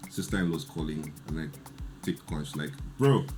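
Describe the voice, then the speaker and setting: A man, telling a lively story in casual chat and acting out the quotes. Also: very deep voice, fairly quick, music in the background. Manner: animated storyteller, laughs often, acts out quotes. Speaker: podcast guest.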